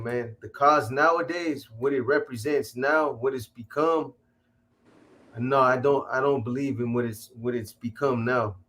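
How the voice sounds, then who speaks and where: Male host, mid-pitch, laid-back. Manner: laid-back, brief affirmations and shout-outs. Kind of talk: casual interview chat.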